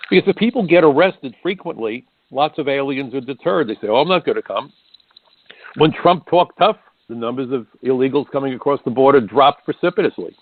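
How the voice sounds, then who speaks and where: A man's voice: medium pitch, a little fast. Emphatic older man on talk radio. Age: 60s. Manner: emphatic, sarcastic, mimics politicians in mocking voices. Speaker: radio talk show host. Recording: dry, phone-like narrow sound.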